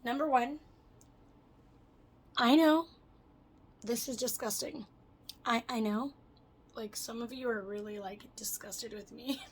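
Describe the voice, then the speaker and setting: A woman's voice: on the high side, slow, pauses often, rough recording. Chatty woman rambling to camera. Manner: rambling, swears freely, jumps between topics; animated, laughing, voice swings loud and soft. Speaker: vlogger. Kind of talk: casual chat to camera.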